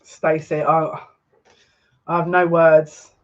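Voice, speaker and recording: A man's voice: a little high, flat delivery, takes it slowly. A man giving a live oracle card reading in a chatty, teasing, jokey way. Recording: muffled lo-fi audio.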